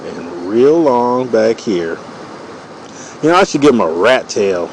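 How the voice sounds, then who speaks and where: Man, forties, casual rambling comedy monologue, profane, deeper voice. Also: sing-song, takes it slowly, slight background noise, poor audio. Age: 40s. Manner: loose, profane, full of "you know" fillers. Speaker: streamer drawing cartoons.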